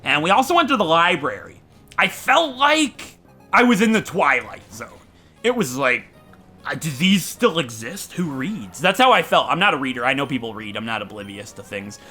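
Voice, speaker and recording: Bright, animated male gamer. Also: fairly high pitch, brisk, soft background music. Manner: animated, self-mocking, rambling. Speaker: gaming channel host. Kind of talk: let's play commentary with storytelling.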